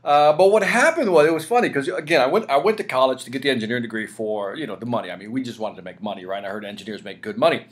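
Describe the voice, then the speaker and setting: A man in his forties being interviewed, telling a career story in a lively, energetic way, often tagging "right?" and "you know". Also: mid-range voice, very fast, few pauses. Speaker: interview guest, sales speaker.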